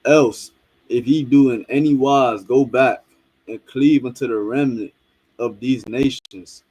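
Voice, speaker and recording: A man reading scripture aloud slowly and deliberately for a teacher. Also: medium pitch, darkish tone, husky, poor audio. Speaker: scripture reader.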